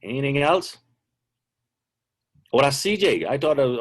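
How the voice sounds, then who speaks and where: A man's voice: medium pitch, big pitch swings, moderate pace. Chatty joking middle-aged male basketball coach. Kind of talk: casual Q&A on a video call. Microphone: video call.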